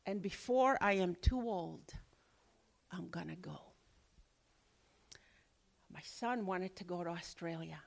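In this sermon, a woman in her forties shares a personal story, alternating dramatically between loud outbursts and quiet passages. Her voice is lowish, her pace normal, and she pauses only rarely.

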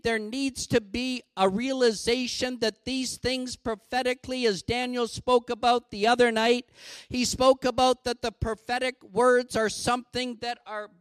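High, smooth-voiced male preacher, earnest sermon delivery. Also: fairly bright tone, no room sound. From Canada. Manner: earnest, building to emphatic exhortation.

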